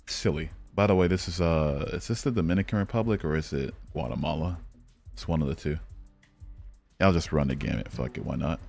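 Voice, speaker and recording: Very deep-voiced blunt male streamer. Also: brisk, vocal fry, darkish tone, soft background music. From Michigan, United States. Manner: casual, blunt and profane, thinking aloud with fillers. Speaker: streamer and host. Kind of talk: casual live-stream chat while playing a geography game.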